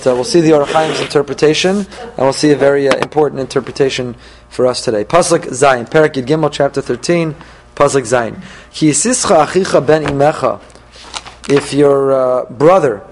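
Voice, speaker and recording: A man teaching a Torah class, reading verses and translating them phrase by phrase, with frequent pauses and restarts as he thinks aloud. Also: medium pitch, darkish tone.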